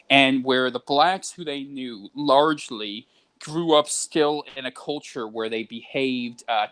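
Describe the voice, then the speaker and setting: A man talking as a podcast guest, at an ordinary pitch with a lot of swing in it. He lays out his reasoning point by point and sounds set on persuading. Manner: explanatory, persuasive, building a point step by step. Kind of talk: podcast conversation.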